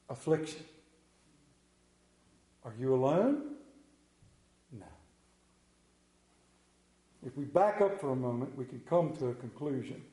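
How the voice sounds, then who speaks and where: Preacher with dramatic hushed drops. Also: male voice, fairly high pitch. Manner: dramatic pauses, drops to a hushed voice on key words. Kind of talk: sermon. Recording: echoey room.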